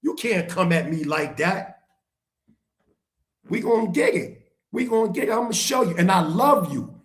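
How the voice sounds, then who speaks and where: Forceful, high-voiced middle-aged man lecturing. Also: expressive, normal speed. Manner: forceful, lecturing, repeats phrases for emphasis. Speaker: guest speaker on a live stream. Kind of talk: heated live-stream debate talk.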